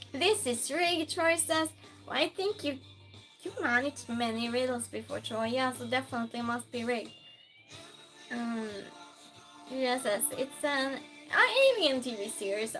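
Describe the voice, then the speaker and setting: A woman hosting a live stream, chatting casually, reading viewer comments aloud and calling out loud greetings to regulars. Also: high voice. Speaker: livestream host.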